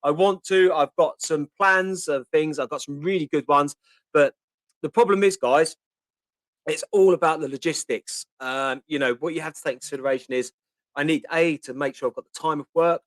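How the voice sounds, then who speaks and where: A man's voice: on the high side, normal speed, no room sound. A man from Portsmouth with a Cockney-tinged Portsmouth accent, hosting a casual live Q&A. He rambles in a chatty way, reads viewer comments aloud and fills gaps with ums. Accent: Portsmouth English, Cockney-tinged. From Portsmouth, England. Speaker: live stream host.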